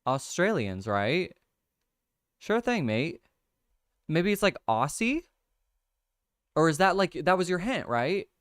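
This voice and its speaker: Slow, laid-back man streaming a crossword. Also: on the high side, very animated, clear, resonant tone, no echo, studio quality. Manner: thinks out loud, laughs often, reads viewer comments. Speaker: livestream host. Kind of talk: casual chat, solving a crossword with chat.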